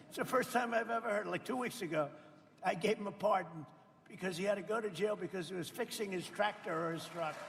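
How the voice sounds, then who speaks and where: Older man in his seventies with a rather high voice and a gravelly edge, speaking off the cuff and rambling. His talk is boastful and repetitive, full of asides to the audience. The sound rings with the long reverb of a hall. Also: fairly quick, slight background noise. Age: 70s. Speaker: politician speaking at a roundtable. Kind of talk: off-the-cuff public speech. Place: event room with people around a table.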